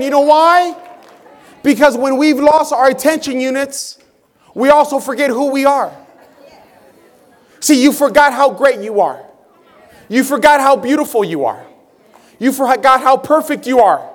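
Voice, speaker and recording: A man leading a live motivational seminar at a sales convention, energetically shouting directions to the crowd. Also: extremely high pitch, normal speed. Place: large convention hall with a crowd. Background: crowd of hundreds.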